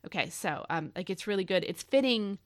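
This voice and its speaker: A middle-aged woman talks casually on her podcast, telling a story with animated energy and plenty of fillers. Her voice sits at a middle pitch. The recording is close and dry, with no room sound. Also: brisk, no echo. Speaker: podcast host. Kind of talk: casual devotional podcast chat.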